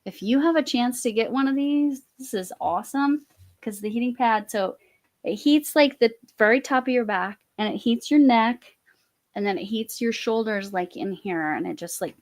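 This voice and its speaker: A woman's voice: fairly high pitch, moderate pace, poor audio. A woman hosting a crochet livestream, chatting casually and laughing often. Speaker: crochet vlog host.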